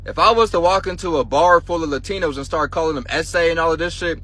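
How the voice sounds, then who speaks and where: A man's voice: fairly high pitch, animated, a little fast, few pauses, pushed and bright, rough recording. A man ranting bluntly and profanely in a direct-to-camera social media clip.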